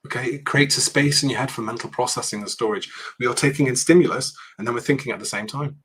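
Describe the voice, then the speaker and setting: A man's voice: medium pitch, quick pace, fairly bright tone, slightly rough. A man leading a university workshop on public speaking, talking conversationally with frequent "okay"s and restarts.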